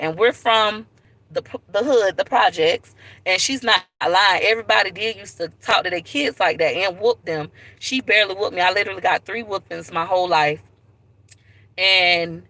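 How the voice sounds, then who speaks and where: A woman speaks straight into her phone on a live stream, open and unguarded as she tells her story. Her voice is bright and forward, with a heartfelt edge and moments close to tears. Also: mid-range voice, poor audio. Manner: candid, tearful at times, Southern US slang. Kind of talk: emotional personal storytelling.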